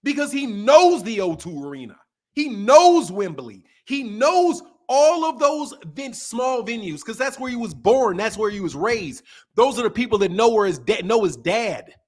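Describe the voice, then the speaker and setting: A man's voice: very high-pitched, very animated, moderate pace. A man hosting a casual podcast, ranting emphatically and swearing a lot. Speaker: boxing channel host. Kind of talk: casual profane podcast rant.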